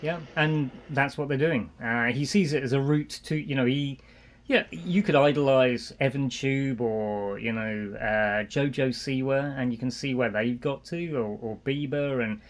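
A man's voice: medium pitch, measured pace. A middle-aged man from England, a guest on an interview podcast, chatting casually and telling anecdotes. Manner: relaxed, anecdotal storytelling. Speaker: guest, marketing executive.

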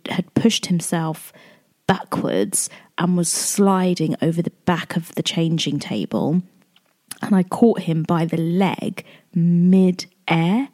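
A woman's voice: sits low, warm tone. A young woman talking in a casual, emotional, rambling way, with lots of fillers and restarts. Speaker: podcast host. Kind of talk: casual personal chat.

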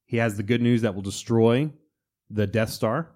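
Man, casual podcast host, mid-pitched, animated delivery, slips into quoted character voices, conversational. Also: normal speed. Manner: animated, quotes film lines in put-on voices. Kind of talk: casual chat.

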